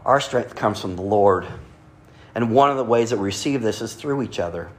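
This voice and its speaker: A man preaching a sermon in a church, talking conversationally, asking rhetorical questions and slowing down for scripture readings. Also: lowish voice.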